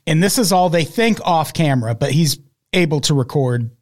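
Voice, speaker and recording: Man retelling a story, slightly high voice. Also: expressive, normal speed. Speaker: podcast guest. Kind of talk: casual chat, summarizing a documentary.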